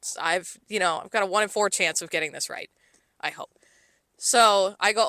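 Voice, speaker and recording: A woman's voice: medium pitch, moderate pace, no room sound. A woman co-hosting a casual podcast, telling a work story with plenty of swearing and acted-out quotes. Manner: swearing, animated retelling with quoted voices. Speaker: podcast co-host, server.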